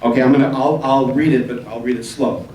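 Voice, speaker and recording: A man's voice: medium pitch, fairly even intonation, lo-fi sound, slight background noise. Man urging a hall from afar. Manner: rambling, urging, spells out addresses slowly. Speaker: event host. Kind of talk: addressing a live town hall audience. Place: large hall with audience. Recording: echoey hall from far off.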